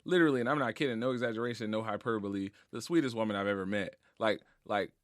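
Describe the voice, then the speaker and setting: A man's voice: fairly low pitch, fast, dry recording, studio quality. A man guest on a podcast, talking casually and reflectively, slangy and openly emotional. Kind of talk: casual heartfelt conversation. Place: podcast studio.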